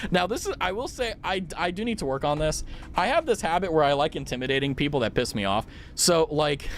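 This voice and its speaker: A young man streaming a game and telling a rambling, swear-heavy story in casual chat, laughing loudly at times. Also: a little high, a little hiss or hum. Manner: animated, loud laughs. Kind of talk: casual chat while gaming.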